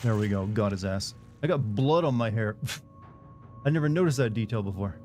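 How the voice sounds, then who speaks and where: A man's voice: lowish voice, expressive, normal speed, darkish tone, faint music behind. A man with a mild Southern US accent doing casual let's-play commentary, chatting with viewers and swearing at the game. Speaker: streamer.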